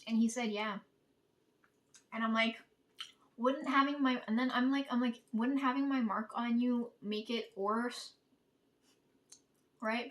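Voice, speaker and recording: A woman telling a story in a casual, chatty way, swearing freely and often breaking into laughter. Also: on the high side. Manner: chatty, profane, laughs while retelling. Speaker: channel host. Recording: voice somewhat distant from mic.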